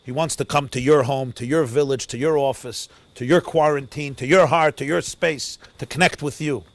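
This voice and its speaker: Dramatic storytelling rabbi. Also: male voice, mid-range voice, fairly even intonation, normal speed. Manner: dramatic, swinging between loud and hushed, Yiddish and Hebrew words mixed in. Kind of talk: sermon storytelling. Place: outdoors near a forest.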